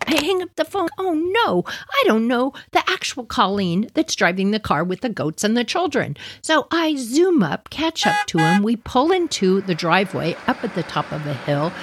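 A woman hosting a podcast, telling a personal story in an animated way and often laughing as she goes. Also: a little high, normal speed, few pauses, noisy background. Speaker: podcast host.

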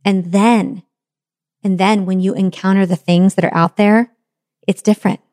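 A woman's voice: mid-range voice, steady tone, moderate pace, darkish tone, no echo, studio quality. A middle-aged woman giving an earnest self-help talk on letting go, with repeated phrases and rhetorical questions. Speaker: motivational speaker.

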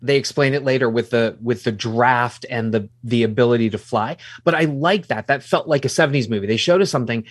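A man co-hosting a casual film discussion, animated and swearing casually as he makes his points. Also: medium pitch, fairly quick, hardly any pauses, slightly rough, dry recording, studio quality.

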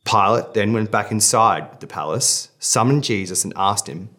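A pastor reading scripture dramatically in a sermon, then talking to the congregation in a conversational way. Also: male voice, fairly low pitch, moderate pace, bright, forceful tone.

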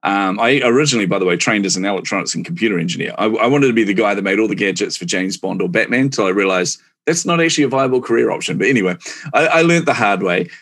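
A man's voice: on the low side, quick pace. A man in his forties with a New Zealand accent, telling his career story casually and with many laughs in an interview. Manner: chatty, animated, laughs often. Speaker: guest, marketing executive.

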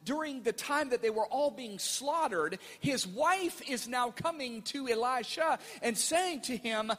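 A middle-aged male pastor telling a family story in a sermon, animated and playful, acting out the voices in his quotes. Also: very high-pitched, normal speed, few pauses, big-room sound.

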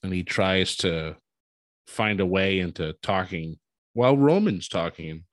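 A man hosting a casual recap of a wrestling show, telling it as an animated story, chuckling often and acting out what people said. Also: low-pitched, measured pace, no room sound.

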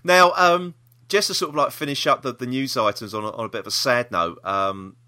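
A man's voice: medium pitch, fairly quick, sharp tone. A man co-hosting a casual podcast chat, rambling with restarts and laughter. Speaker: podcast co-host.

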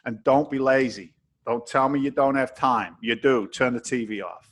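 A man's voice: medium pitch, normal speed, a bit bright. Blunt, emphatic English-born man. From England. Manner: emphatic, preachy, blunt with mild swearing. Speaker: podcast guest, entrepreneur. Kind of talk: motivational interview talk.

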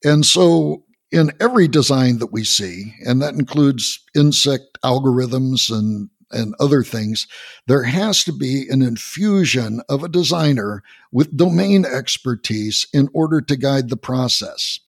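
A man hosting a podcast interview, explaining in a halting way and often restarting and repeating words. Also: medium pitch, lively intonation, gravelly, breathy edge. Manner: storytelling, earnest explaining. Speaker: podcast host.

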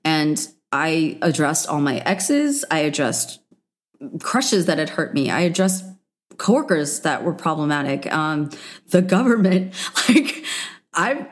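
A young woman talks through her own story on a solo podcast, open and emotional, her sentences looping and restarting around frequent "like"s. Her voice sits a little low for a woman. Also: sing-song, slow. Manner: candid, emotional, many "like" fillers, rambling. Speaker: podcast host. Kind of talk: solo podcast monologue, confessional.

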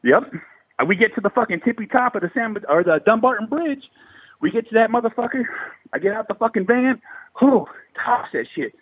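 In his thirties and from California's Bay Area, this man recounts a paranormal experience with lots of profanity and slang, animated throughout. His voice sits high with a breathy edge and runs a little fast, captured in dry, thin, tinny audio.

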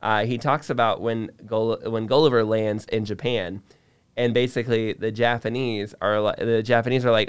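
A man's voice: on the low side, steady tone, moderate pace, smooth, dry recording. A man co-hosting a podcast, explaining his views at length in casual discussion, with frequent restarts. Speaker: podcast co-host.

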